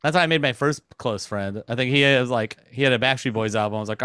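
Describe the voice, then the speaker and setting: A man's voice: medium pitch, fast talker, a bit bright, clean tone, dry recording, clean studio sound. A man co-hosting a casual podcast chat, wry and teasing, laughing often. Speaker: podcast co-host.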